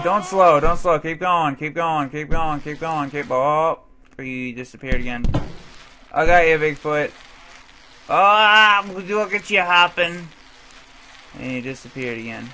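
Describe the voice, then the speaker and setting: A man's voice: on the high side, takes it slowly, pauses often, music in the background. A young man casually commentating his gameplay, yelping and swearing at the game and chatting to his cat between runs. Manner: excitable, yelps and swears at the game; talks to his cat between moments of play. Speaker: let's play gamer.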